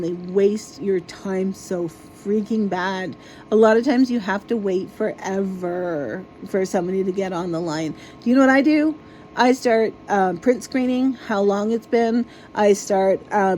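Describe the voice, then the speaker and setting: Mellow-voiced woman ranting, exasperated. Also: mid-range voice, slight background noise, poor audio. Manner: exasperated, swears freely. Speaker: vlogger. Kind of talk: casual ranting monologue.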